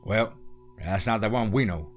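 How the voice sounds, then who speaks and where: A man's voice: fairly low pitch, normal speed, faint music behind, natural voice. A man voicing a cautious small-town police officer who asks careful questions. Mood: wary.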